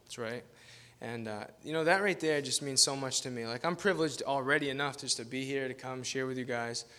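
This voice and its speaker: A man's voice: medium pitch, fairly quick, sharp tone. A man preaching as a guest pastor, telling a rambling, self-deprecating story in a casual manner and laughing often. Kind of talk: informal sermon with storytelling.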